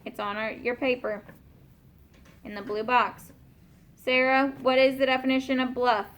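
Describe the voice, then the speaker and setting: A woman teaching a class of young students, patiently asking questions and slowing down to spell out and explain words. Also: sits high, little pitch movement, a bit bright.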